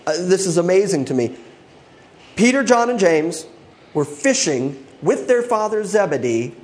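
A man's voice: high voice, darkish tone. A male pastor preaching an expository sermon, acting out quoted voices and laughing often.

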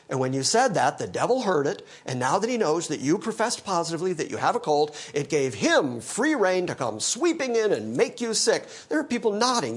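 A male pastor preaching an expository sermon, animated and teaching verse by verse, with dry humor. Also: a little high, husky. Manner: animated, quoting scripture in character, dry humor.

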